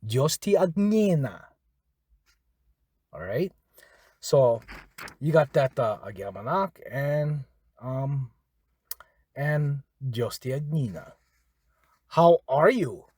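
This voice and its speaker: A man's voice: mid-range voice, animated, slow pace, long pauses, darkish tone, breathy edge, no echo. A man teaching a casual language lesson, patiently repeating phrases and spelling words out.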